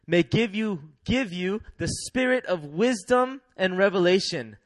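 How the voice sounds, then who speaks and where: Young guy preaching, high voice, chuckles a lot, gets the crowd repeating words, dry close sound. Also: a little slow, hardly any pauses, no room sound. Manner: lively, laughing often, call-and-response with congregation. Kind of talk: sermon.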